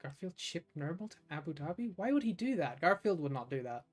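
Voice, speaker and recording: A man's voice: fairly high pitch, big pitch swings, a little fast, faint music behind. A man from Ireland streaming a game, chatting casually and rambling with lots of fillers. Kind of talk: casual gameplay commentary.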